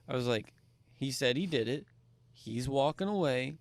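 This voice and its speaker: Animated storytelling man with a dry sound. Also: medium pitch, normal speed, no room sound. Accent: Kentucky. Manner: animated, acts out dialogue, grows loud when excited. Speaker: podcast co-host. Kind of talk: casual storytelling.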